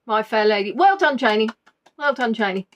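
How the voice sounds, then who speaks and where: A woman's voice: a little high, sing-song, moderate pace. A woman hosting a quiz, chatty and teasing, reading out answers as they come in. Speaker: quiz host. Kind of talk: live online quiz chat.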